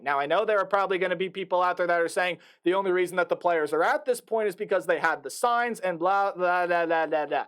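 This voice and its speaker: Young man, high voice, filler-heavy. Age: young adult. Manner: animated, repeats himself, many fillers and restarts. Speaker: sports vlogger. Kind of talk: casual commentary. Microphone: desktop USB mic.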